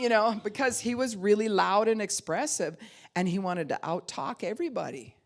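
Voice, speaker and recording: A middle-aged woman pastor giving a conversational teaching sermon, animated, swinging from loud outbursts to soft, slow asides. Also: mid-range voice.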